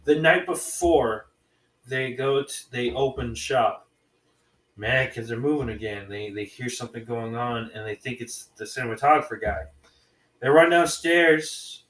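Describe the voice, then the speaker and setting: A man's voice: mid-range voice, unhurried, a bit bright, reverberant, recorded from a distance, poor audio. A man casually retelling a movie plot on a podcast, rambling with many restarts. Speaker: podcast co-host reviewing movies.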